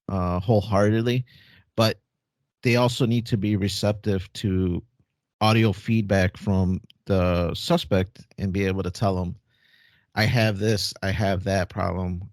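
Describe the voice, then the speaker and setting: A man co-hosting a podcast, speaking in a measured, thoughtful way with some hedging in casual chat. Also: lowish voice, darkish tone, no echo, studio quality. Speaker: podcast co-host.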